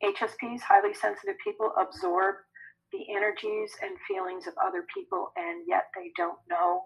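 A woman who works as an energy healer, answering podcast interview questions in a chatty, animated way. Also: on the high side, moderate pace, gravelly, husky, rough recording. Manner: animated, conversational, laughs often.

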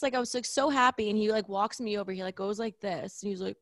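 A woman co-hosting a podcast, telling a story in a lively, casual way and mimicking the people in it. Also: mid-range voice, fast talker, no echo, studio quality. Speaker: podcast co-host. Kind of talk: casual chat.

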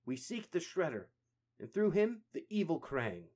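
A man voicing a dutiful young mutant turtle leader, speaking formally and earnestly in a husky voice. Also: fairly high pitch, very animated, unhurried, a little mellow, pitched above the performer's own voice.

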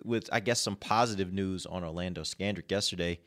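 A man's voice: low voice, a little fast, a bit bright. A man hosting a casual sports talk show, easygoing and teasing his co-hosts. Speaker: podcast host.

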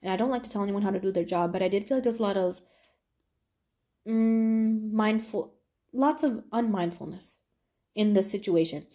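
A young woman hosting a podcast, telling a personal story in a casual, animated way with lots of fillers. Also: medium pitch, normal speed, pauses often. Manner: animated, talkative, many fillers. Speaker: podcast host.

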